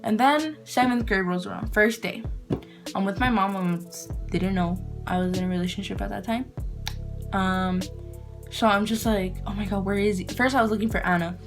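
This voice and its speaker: A woman's voice: mid-range voice, moderate pace, over music. A young woman vlogger telling a story in a casual, chatty way, full of fillers, acting out her own quotes with whispers and squeals.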